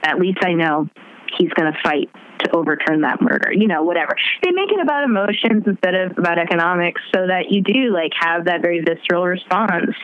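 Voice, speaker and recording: A woman chatting casually on a podcast, animated and laughing, with her pitch swooping as she talks. The audio is slightly dull and muffled. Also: brisk. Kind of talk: casual chat.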